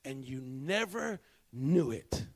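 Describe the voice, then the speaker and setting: A male pastor preaching a sermon, telling a story and moving between hushed, slow moments and emphatic bursts. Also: mid-range voice, big pitch swings, vocal fry.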